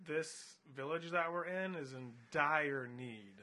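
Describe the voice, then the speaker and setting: A man's voice: fairly high pitch, sharp tone. A man co-hosting a casual podcast, cracking puns and jokes while wearing headphones. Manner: joking, quick with puns. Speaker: podcast co-host. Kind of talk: casual chat. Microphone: headphones and studio mic.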